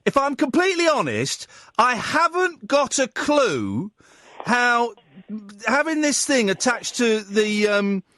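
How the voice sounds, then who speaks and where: A man's voice: very high voice, sing-song, slow, sharp tone, no room sound. A man hosting live late-night radio from a studio, chatty and jokey, flustered by fiddly technology. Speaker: radio host. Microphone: studio microphone.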